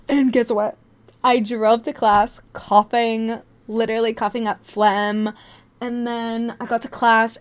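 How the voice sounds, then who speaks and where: A woman's voice: fairly high pitch, steady tone, slow pace. A woman in her twenties telling a rambling, profane story on a casual live stream.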